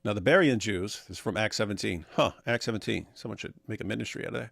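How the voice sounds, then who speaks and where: A man's voice: fairly low pitch, expressive, fast talker, vocal fry, hardly any pauses, fairly bright tone, no echo, studio quality. A man co-hosting a casual livestream, reading viewer comments aloud, rambling and laughing at his own puns.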